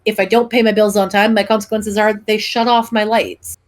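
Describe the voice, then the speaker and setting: A young woman co-hosting a casual podcast, telling stories in an animated way, full of "like" and "um". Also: medium pitch, a little fast. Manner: animated storyteller, many "like" and "um" fillers. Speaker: podcast co-host. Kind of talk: casual chat.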